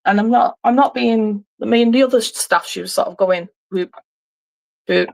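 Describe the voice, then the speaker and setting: A woman's voice: fairly high pitch, brisk, creaky, darkish tone. A middle-aged woman, host of a livestream, chatting casually and telling a rambling story with many restarts.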